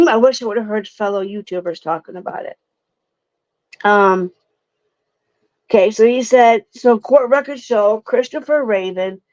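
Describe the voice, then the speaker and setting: A woman's voice: mid-range voice, dry recording. A young adult woman from Ohio commenting casually on true crime cases for her viewers, emotional and indignant, stumbling over words. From Ohio, United States. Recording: dull lo-fi dry sound.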